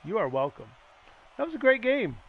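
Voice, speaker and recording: A man casually commenting while streaming a video game, excitable and joking, yelling hype at plays. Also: high voice, moderate pace, narrow, tinny audio. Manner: joking, self-mocking.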